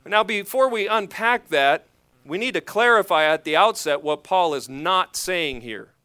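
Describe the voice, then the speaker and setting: A man's voice: high voice, animated, a little slow, bright, forceful tone, clear, resonant tone, dry recording. A man preaching a sermon as pastor, earnest and emphatic, reading scripture and then explaining it to his congregation.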